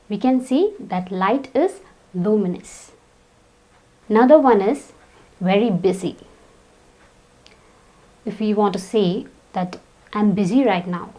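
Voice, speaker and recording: A woman hosting a vocabulary lesson. She talks slowly and deliberately, giving each word room to land, at a medium pitch. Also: dark tone, poor audio. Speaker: teacher.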